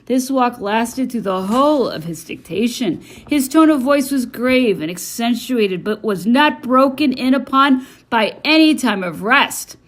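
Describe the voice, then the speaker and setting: A woman reading a historical memoir aloud in a measured way, with small slips and restarts. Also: fairly high pitch, lively intonation. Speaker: audiobook reader.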